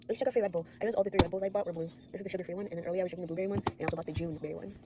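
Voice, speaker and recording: A woman's voice: on the low side, fairly even intonation, rapid-fire, heavy background noise. A teenage girl vlogging at home after an all-nighter, tired, swearing and rambling from topic to topic. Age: teens. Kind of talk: rambling late-night vlog.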